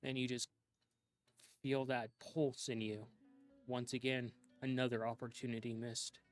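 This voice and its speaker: A man slowly narrating a dark scene as game master of a tabletop role-playing game, in a hushed, drawn-out storytelling manner. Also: medium pitch, flat delivery, no room sound, soft background music.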